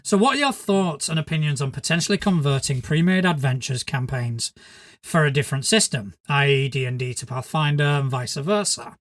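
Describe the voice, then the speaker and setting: A man's voice: on the high side, lively intonation, brisk, a bit bright. A man from Spain hosting a podcast in casual chat, joking dryly and swearing freely. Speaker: podcast host.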